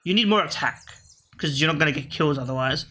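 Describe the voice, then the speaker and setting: A man's voice: fairly high pitch, quick pace, pushed and bright. A man giving casual, rambling commentary over a video game, often correcting himself mid-sentence and talking to his game pieces. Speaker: gaming video host.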